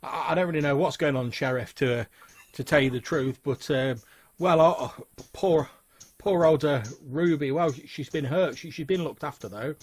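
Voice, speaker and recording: A man's voice: moderate pace, breathy edge. A man putting on a stammering, jittery saloon barkeep. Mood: nervous. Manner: stammering, flustered, raised pitch. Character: nervous male saloon barkeep, stammering and evasive. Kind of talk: tabletop role-play character voice.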